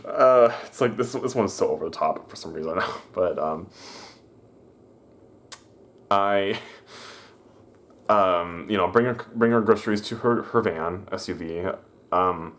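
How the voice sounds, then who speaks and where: A man's voice: deep voice, a little slow, pauses often, a bit bright. Rambling man telling a story. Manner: rambling, full of fillers and self-corrections, laughs often. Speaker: vlogger. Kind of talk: casual storytime monologue. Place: room at home.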